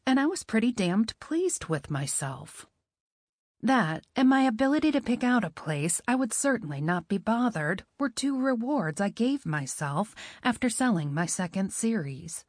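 Woman reading a novel out loud, wry and animated, super dry close mic. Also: medium pitch, dry recording. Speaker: audiobook narrator. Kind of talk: first-person novel narration.

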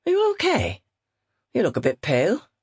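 A woman narrator voicing a brisk, offhand male estate agent in an audiobook. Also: medium pitch, wildly swooping pitch, a little mellow, breathy edge, dry recording, studio quality, voice pushed up, heavily acted. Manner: brisk and breezy. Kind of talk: audiobook character reading.

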